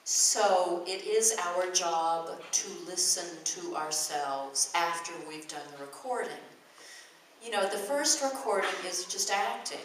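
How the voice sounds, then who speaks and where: A woman's voice: on the low side, takes it slowly, far from the mic, slight background noise. Chatty older woman in an echoey hall. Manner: chatty, animated storyteller. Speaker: convention guest voice actor. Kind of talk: convention Q&A talk. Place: large convention hall. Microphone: distant from the recording mic.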